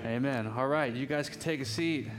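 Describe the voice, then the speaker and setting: Man, pastor, sermon, congested, sniffly, lively storytelling, church, faint music underneath. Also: mid-range voice, quick pace. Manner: lively storytelling with quoted voices. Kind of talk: sermon with opening prayer.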